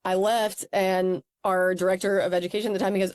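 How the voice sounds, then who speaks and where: Woman, podcast guest, academic, animated, casual, dry close mic. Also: mid-range voice, fast, few pauses, no room sound. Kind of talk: podcast interview.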